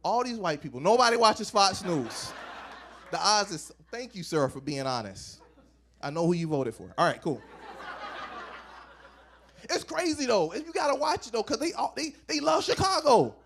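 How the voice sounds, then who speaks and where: A man in his thirties doing a stand-up comedy set on a club stage, animated and acting out bits with big swings in pitch. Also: normal speed, long pauses, slight background noise.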